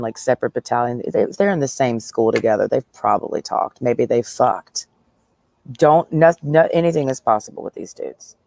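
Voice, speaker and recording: A woman's voice: very deep voice, gravelly, a little mellow, no echo. A woman livestreaming a blunt, profane, sarcastic rant, talking straight at her listeners. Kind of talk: ranting livestream monologue.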